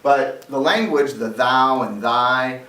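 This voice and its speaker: A male teacher lectures his class, walking through the material step by step and quizzing students along the way. His voice sits in the mid range and sounds pushed and bright, and he speaks slowly. The room is large and echoey, with the mic far away and faint background noise.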